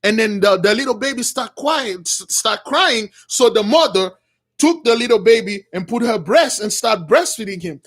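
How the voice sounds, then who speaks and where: A man with a notably high voice tells a dramatic religious story off the cuff. He stumbles, restarts and repeats himself as he works through the scenes, but stays earnest throughout. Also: animated. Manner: halting, with many restarts and repeated words. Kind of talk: unscripted retelling of a vision.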